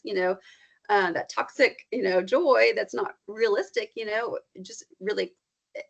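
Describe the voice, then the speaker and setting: Animated woman counselor, lo-fi sound. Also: creaky. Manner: animated, acts out quoted feelings with big pitch jumps. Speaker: counselor guest. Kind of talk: casual podcast conversation. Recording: slightly dull lo-fi sound.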